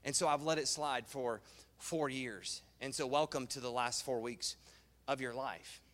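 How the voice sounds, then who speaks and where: A man preaching a sermon as pastor in a church, animated and playful, cracking jokes and asides. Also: medium pitch, measured pace. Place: church sanctuary. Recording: long reverb in a large hall.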